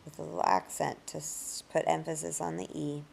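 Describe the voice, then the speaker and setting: A woman's voice: low-pitched, level tone, vocal fry, a little mellow, husky. A woman teaching a Spanish grammar lesson, patiently explaining each rule step by step with examples in both languages. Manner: speaks Spanish example words slowly and carefully.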